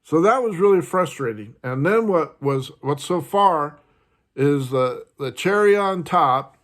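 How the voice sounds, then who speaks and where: High-voiced man ranting on his vlog. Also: lively intonation, measured pace. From United States. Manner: frustrated, ranting, mimics others in a higher voice. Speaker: host. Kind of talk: casual vlog rant.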